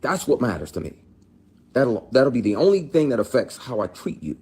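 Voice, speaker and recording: A man from Michigan speaking emphatically and passionately, swinging between fired-up outbursts and quiet, grave statements. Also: mid-range voice, very animated, normal speed, slightly rough. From Michigan, USA. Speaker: actor. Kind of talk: impassioned spoken statement.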